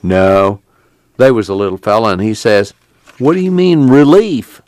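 A man's voice: fairly low pitch, normal speed, darkish tone, dry recording, natural voice. Man playing a tubby, cussing migrant. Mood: indignant. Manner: rambling, profane storyteller. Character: tubby, talkative male migrant worker.

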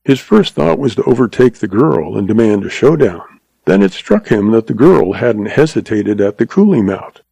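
A man narrating a western audiobook in a steady storytelling voice. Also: fairly low pitch, moderate pace, vocal fry, husky, no echo, low-quality recording.

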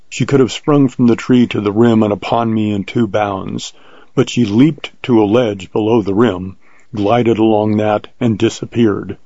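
Husky low-voiced man narrating. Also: warm tone, no echo. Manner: measured, vivid storytelling. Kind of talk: scripted narration of an adventure story. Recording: dull lo-fi recording.

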